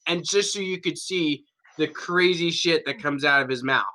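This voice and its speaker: A man's voice: a little high, moderate pace. A young man co-hosting a podcast, chatting casually with profane, laughing rants. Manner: loud, profane, laughing, mock voices. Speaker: podcast co-host. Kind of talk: casual comedic chat.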